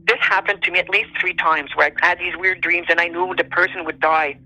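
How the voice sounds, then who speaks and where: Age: unknown. Sex: woman. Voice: bright, earnest storyteller. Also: lowish voice, steady tone, a little fast, rough recording. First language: French. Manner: earnest, heartfelt, plainly emotional. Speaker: guest telling a true story. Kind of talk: personal storytelling.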